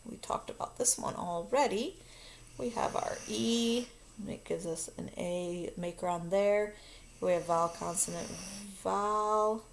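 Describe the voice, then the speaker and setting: A woman teacher calmly walking through a phonics lesson in a recorded video, explaining step by step. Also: medium pitch, unhurried, vocal fry, slight background noise. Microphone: recording her own video lesson.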